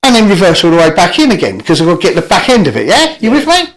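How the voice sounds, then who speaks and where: A man's voice: high voice, wildly swooping pitch, very fast. A middle-aged man telling rambling, sweary stories in a casual podcast chat, full of restarts.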